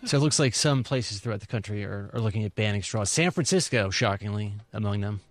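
A man co-hosting, reading news items aloud in a measured, mild, slightly hesitant way. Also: on the low side, expressive, no echo. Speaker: co-host reading news stories. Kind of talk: reading headlines in casual chat.

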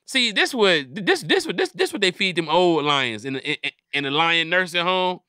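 A man's voice: high voice, big pitch swings, normal speed, pushed and bright, clean tone, no room sound, studio quality. A man hosting a comedy podcast, riffing in casual profane chat and acting out little scenes.

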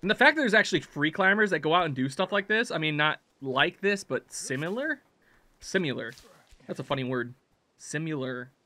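A man with a high, very bright voice narrates his own gameplay. His pitch leaps all over as he drops from quiet, jokey mumbling into frustrated yells at the screen. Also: lively intonation, fast, hardly any pauses. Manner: yells at his climbing character, swings from mutters to shouts; jokey self-talk while playing. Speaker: gaming channel host. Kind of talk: let's play commentary.

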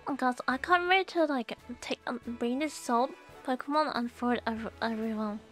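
A young woman streaming a video game live, chatting to viewers with excitable gasps and squeals. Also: on the high side, normal speed, soft background music. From Australia. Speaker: VTuber streamer. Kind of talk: gameplay live stream chat.

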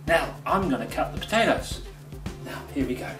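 A man's voice: fairly high pitch, expressive, moderate pace, reverberant, music in the background. A man with a New Zealand accent hosting a goofy comedic cooking show from his home kitchen, full of playful sing-song exclamations.

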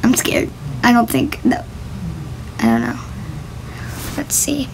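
Slow, high-voiced chatty young woman. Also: wildly swooping pitch, background noise. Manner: chatty, giggly, self-conscious. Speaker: vlogger testing a voice app. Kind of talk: casual chat to camera.

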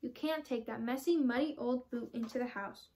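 A teenage girl voicing a gentle but firm mother dog in a storybook reading. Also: a little high, moderate pace, lightly acted.

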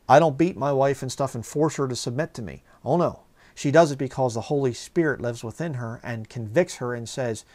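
A man's voice: mid-range voice, darkish tone. A man preaching a sermon, telling a rambling personal story full of fillers and rising into heated outbursts.

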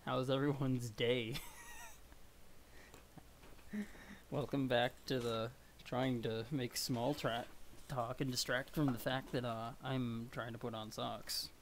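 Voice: mid-range voice, fairly even intonation, slow pace, pauses often, slight background noise. A streamer chatting casually and rambling while reading through a webcomic on a live stream. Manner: rambling, self-deprecating, chatty.

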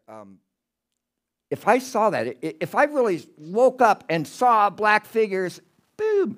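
A middle-aged man with a voice on the high side gives a casual, rambling talk of ghost stories. He wanders off on tangents and swings between excited outbursts and hushed tellings.

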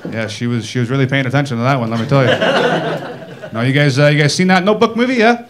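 A Canadian man doing a stand-up comedy set in a club, folksy and deadpan, tagging his lines with "eh?". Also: mid-range voice, fast talker. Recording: live club set with audience laughter. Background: crowd laughter.

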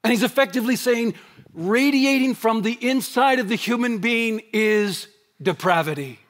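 A man preaching a sermon as pastor. He asks the congregation rhetorical questions, drives points hard, then drops to a hushed, quiet delivery. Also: very high voice, moderate pace. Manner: animated preaching, rhetorical questions, swings between loud emphasis and hushed quiet. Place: church sanctuary.

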